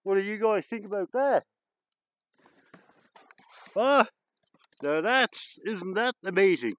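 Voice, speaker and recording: A man vlogging outdoors in the woods, exclaiming excitedly and chatting to his viewers as he explores. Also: high voice, moderate pace, dry recording, poor audio. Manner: excitable, lots of exclamations and chuckles. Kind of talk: casual vlog commentary.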